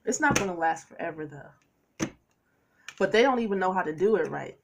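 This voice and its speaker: A woman's voice: lowish voice, lively intonation, normal speed, vocal fry, slight background noise. A woman giving a tarot reading to her viewers, talking in a chatty, playful way with preachy asides. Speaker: tarot reader. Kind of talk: casual tarot reading monologue.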